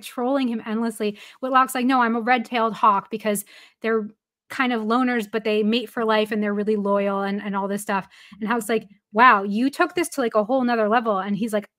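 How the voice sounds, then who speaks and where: A woman's voice: fairly high pitch, a bit bright. A woman who is a baseball reporter, guesting on a podcast and telling a story casually with plenty of "like" fillers and some laughter.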